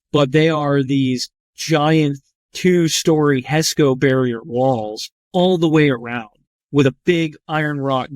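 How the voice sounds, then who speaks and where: A trauma surgeon recounts a story in the first person, candid, rambling and profane, packed with "like" fillers, and his telling is vivid and tense. His voice is medium in pitch, captured in a dry recording.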